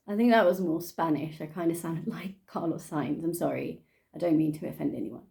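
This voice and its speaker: True crime vlogger, a woman with a Dutch accent; mellow, casual, snarky asides. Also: on the low side, fairly even intonation, normal speed, creaky. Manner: chatty, sarcastic asides, frequent laughs.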